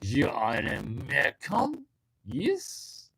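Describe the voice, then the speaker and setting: A man's voice: medium pitch, huge pitch swings, takes it slowly, creaky, bright, forceful tone, husky, no room sound, full character voice, poor audio. A man voicing a suave, flirtatious French man with a put-on French accent, asking teasing questions.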